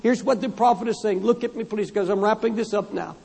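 A man's voice: sits high, steady tone, fairly quick, creaky, a little mellow, husky. A man preaching a sermon as pastor, speaking fervently, repeating phrases for emphasis, reading scripture and addressing the congregation directly. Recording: long hall reverb in a church.

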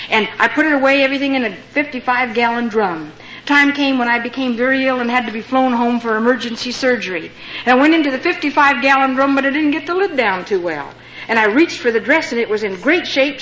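Older woman, missionary, lively storytelling, witty, higher voice, muffled recording. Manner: lively, dramatic storytelling with humor. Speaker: missionary speaker. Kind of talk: storytelling testimony to a women's gathering. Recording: dull lo-fi recording with faint hiss.

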